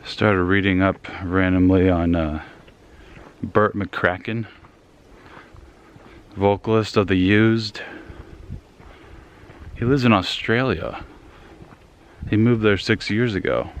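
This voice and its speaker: A man's voice: low-pitched, fairly even intonation, takes it slowly, long pauses. Breathless young man rambling on a woods walk. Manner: rambling, self-deprecating, trailing off. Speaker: vlogger. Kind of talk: casual rambling vlog. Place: outdoors in the woods, walking.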